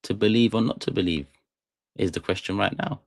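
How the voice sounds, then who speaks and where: A young Englishman runs a live stream for a fan channel from a small studio room, rambling and joking as he talks straight to his chat. His voice sits on the low side and moves a little fast in this casual stream talk.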